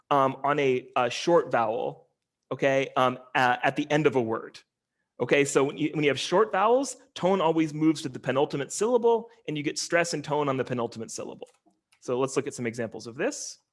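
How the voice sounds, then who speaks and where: A linguistics professor with a fairly high-pitched voice gives an online lecture, explaining as he moves through his slides. He often says "um" and restarts his sentences.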